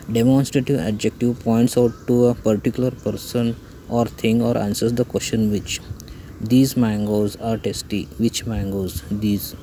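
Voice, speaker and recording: A man teaching English grammar, reading out definitions and example lists one by one in a slow, even recitation. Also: lowish voice, slight background noise, poor audio. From India.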